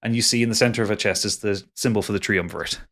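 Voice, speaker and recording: A man's voice: on the low side, fairly even intonation, rapid-fire, a bit bright. A man running a tabletop game as game master, narrating casually and playfully, often tripping over and repeating his words.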